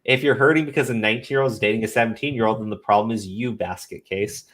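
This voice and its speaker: A man's voice: on the low side, fast talker, a bit bright. A man ranting casually as host of a commentary stream, profane and scornful, often repeating himself.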